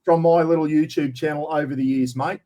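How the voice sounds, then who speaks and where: Brief: Australian man, a touch high-pitched, blunt, slangy, casual interview guest. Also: steady tone, brisk, warm tone. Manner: blunt, matey, slangy, keeps saying mate. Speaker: interview guest, camping YouTuber. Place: at home, outdoors property.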